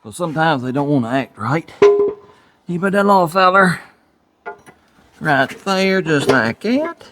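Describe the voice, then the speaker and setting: A man's voice: fairly high pitch, very animated, measured pace, pauses often. Folksy Southern man in a noisy garage. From Tennessee, USA. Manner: folksy, chuckling, self-deprecating. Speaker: garage channel host. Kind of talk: casual workshop vlog talk. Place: home garage workshop.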